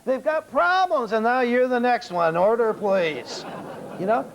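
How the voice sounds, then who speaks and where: A man's voice: very high voice, expressive, unhurried, gravelly, rough recording. A man giving a seminar lecture on restaurant service, telling wry anecdotes and acting out the quoted dialogue.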